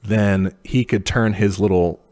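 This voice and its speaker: A man's voice: lowish voice, fairly even intonation, measured pace, a little mellow. Casual, swearing young man retelling history. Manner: loose and profane, slips into mock voices for historical figures. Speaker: podcast co-host.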